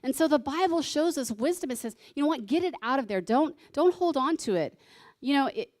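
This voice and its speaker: A woman's voice: high-pitched, expressive, fairly quick, a little mellow. A woman giving a sermon alongside her husband, conversational and teasing as she explains scripture.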